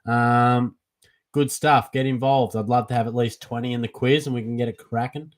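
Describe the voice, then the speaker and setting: A young Australian man hosting a casual live Q&A for a fantasy football stream, chatty and relaxed, calling everyone mate. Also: medium pitch, normal speed. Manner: laid-back and chatty, calls everyone mate. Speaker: fantasy football livestream host. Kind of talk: casual live Q&A, reading chat questions.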